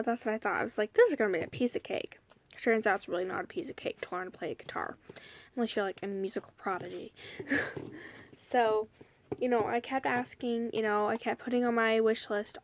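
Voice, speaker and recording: A woman's voice: a little high, no room sound. Chatty young woman telling a story. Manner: chatty, rambling, lots of "like" and "you know". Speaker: vlogger. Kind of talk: casual storytelling to camera.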